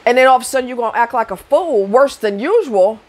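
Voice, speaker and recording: Middle-aged lady venting dating advice to her camera, blunt and cussing, gets loud and shrill. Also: expressive, fast talker. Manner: blunt, profane and emphatic; swings loud and high when ranting. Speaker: vlogger giving dating advice. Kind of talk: casual monologue to camera.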